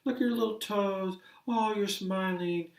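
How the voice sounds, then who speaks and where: A man voicing an adoring mother who coos to her baby in high sing-song baby talk. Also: fairly even intonation, unhurried. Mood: cooing. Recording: roomy sound from a distant mic.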